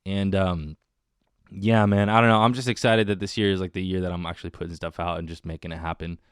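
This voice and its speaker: Male podcast host, solo casual chat, wired and self-mocking; smooth voice, dry close sound. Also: sits low, steady tone, quick pace, dry recording. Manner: rambling, self-mocking and jokey. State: wired on coffee.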